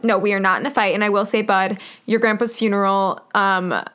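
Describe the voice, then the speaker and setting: A woman's voice: mid-range voice, steady tone, brisk, fairly bright tone. A young woman co-hosting a podcast in casual chat, talking loosely with lots of fillers and laughing often. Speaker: podcast co-host.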